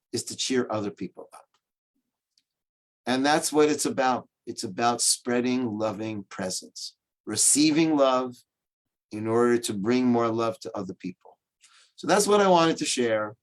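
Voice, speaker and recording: A man teaching as a rabbi over a video call, telling a story with jokes in a lively, animated way. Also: medium pitch, unhurried. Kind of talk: humorous storytelling lecture.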